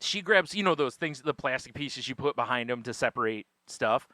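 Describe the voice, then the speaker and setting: Bright-voiced man telling a lively story. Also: mid-range voice, normal speed, dry recording, clean studio sound. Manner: animated, laughing often while telling a story. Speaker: podcast co-host. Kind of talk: casual storytelling chat.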